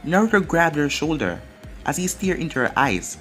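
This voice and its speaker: Man reading fan fiction, lively voice. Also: a little high, moderate pace. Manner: plain, run-on storytelling. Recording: faint background music.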